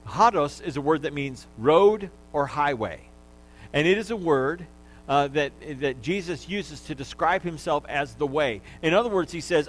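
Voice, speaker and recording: A pastor teaching in a sermon. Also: male voice, on the high side, animated, moderate pace, poor audio. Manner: teaching, gets listeners to repeat words, playful asides.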